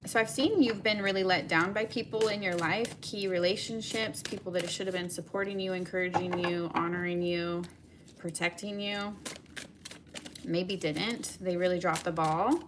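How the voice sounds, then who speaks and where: A woman's voice: fairly low pitch, fairly even intonation, moderate pace, noisy background. A young woman giving a collective tarot reading, talking in a meandering way with many fillers. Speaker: tarot reader.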